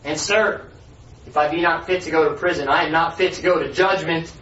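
A man's voice: on the high side, fairly even intonation, a little fast, fairly bright tone, lightly acted. A man voicing a burdened, frightened pilgrim in earnest, old-fashioned speech. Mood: fearful. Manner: earnest archaic reading. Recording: echoey room, voice far from mic, dull lo-fi.

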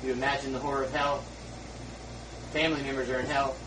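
A man preaching a fiery sermon in a church, dropping to a hush and then rising to shouts. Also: mid-range voice, flat delivery, quick pace. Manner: swings from hushed to shouting. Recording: distant mic, faint hiss.

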